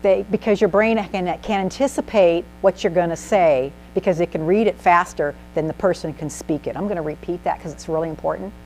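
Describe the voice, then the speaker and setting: A woman giving an animated, emphatic presentation to a small group in a meeting room, asking the audience questions as she teaches. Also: on the low side, a little fast, hardly any pauses, a little hiss or hum, low-quality recording. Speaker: speaker at a speaking club. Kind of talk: instructive presentation.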